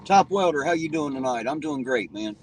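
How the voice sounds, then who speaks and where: There's slight background noise as a man of medium pitch hosts a casual livestream, speaking fairly quickly. He reads comments from viewers and replies bluntly and profanely, breaking off and restarting his sentences.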